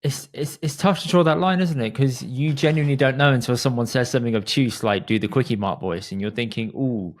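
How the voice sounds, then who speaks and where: A man co-hosting a podcast, chatting in a relaxed, reflective way. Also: mid-range voice, fast talker, hardly any pauses. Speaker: podcast co-host. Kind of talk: casual chat.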